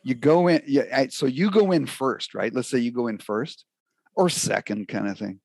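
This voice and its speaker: A man who acts, co-hosting a podcast, telling a story in a lively, joking way. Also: mid-range voice, moderate pace, gravelly, breathy edge, dry recording. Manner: animated storyteller, laughs often. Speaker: podcast co-host, actor. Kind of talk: casual chat.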